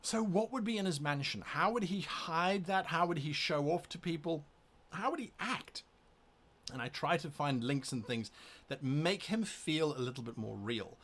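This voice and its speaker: A man's voice: a little high, animated, moderate pace, fairly bright tone. A man who runs a tabletop game talks casually to camera before a session, thinking aloud as he explains how he prepares. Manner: thinking aloud, explaining his prep methods. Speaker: game master.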